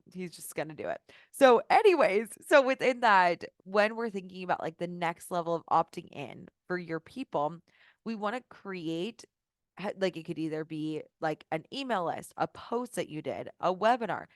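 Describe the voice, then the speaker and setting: A woman's voice: fairly low pitch, animated, moderate pace, dry recording, studio quality. Chatty woman coaching on a video call. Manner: casual, filler-heavy, acts out sample messages. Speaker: business coach. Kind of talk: live online coaching call.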